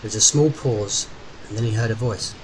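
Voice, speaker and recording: A man reading a story aloud in steady audiobook narration. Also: fairly low pitch, brisk. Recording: noisy background hiss.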